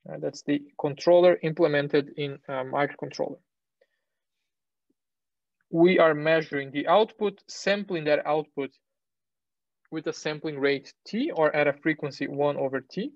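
Speaking unhurriedly in a fairly high, gravelly voice, this engineering lecturer pauses often as he walks through technical concepts, using fillers, correcting himself and sometimes asking "right?". The audio is dry, close and dull, like a lo-fi classroom capture.

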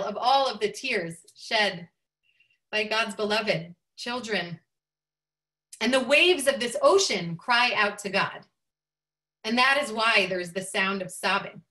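A woman's voice: mid-range voice, pushed and bright, rough recording. A woman voicing a devoted old rabbi. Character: devoted old rabbi praying by a sea of tears.

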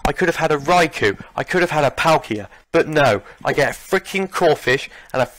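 A man's voice: a little high, animated, a little fast, fairly bright tone, dry recording. A young man commentating on a video game, ranting and sighing in exasperation. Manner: exasperated, ranting, swears and sighs. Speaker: let's play gamer.

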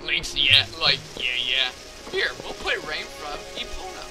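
A man's voice: fairly high pitch, sing-song, unhurried. A young man giving crude, joking commentary while playing a video game and talking to its characters. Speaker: let's play gamer. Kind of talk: casual gameplay commentary. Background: game music.

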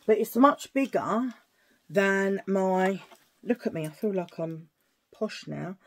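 A woman's voice: medium pitch, slow. A woman chatting casually to her viewers in a rambling way, often murmuring to herself. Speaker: vlogger. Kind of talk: casual chat to camera.

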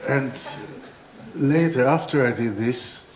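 A man's voice: medium pitch, slow, crowd noise. Man telling anecdotes in a roomy hall. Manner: rambling, full of restarts and dry humor. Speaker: designer giving an opening talk. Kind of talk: informal lecture with anecdotes. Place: exhibition hall. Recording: roomy hall with faint ambience.

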